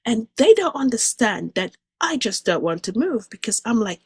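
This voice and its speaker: A woman's voice: fairly high pitch, very animated, moderate pace, few pauses, a little mellow, husky, no echo. Earnest woman telling a spiritual story. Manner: earnest and emotional, vivid retelling with restarts. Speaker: guest speaker sharing a near-death experience. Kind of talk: personal testimony storytelling.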